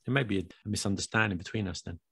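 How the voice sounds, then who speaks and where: Man, british accent, gravelly voice, dry close sound, teasing podcast banter. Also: on the low side, racing, a bit bright, dry recording. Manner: playful, teasing, self-mocking asides. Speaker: podcast co-host. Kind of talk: casual podcast chat.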